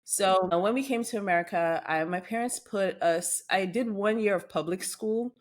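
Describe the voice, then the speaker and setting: A woman from Nigeria with a Nigerian accent, a surgeon guest telling her story in a podcast interview with quick, animated delivery and frequent fillers. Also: mid-range voice.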